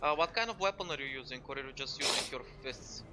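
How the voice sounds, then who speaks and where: A man's voice: mid-range voice, fast, music in the background. A man playing a tabletop game, chatting about the rules and describing what his character does. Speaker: player. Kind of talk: casual tabletop game play.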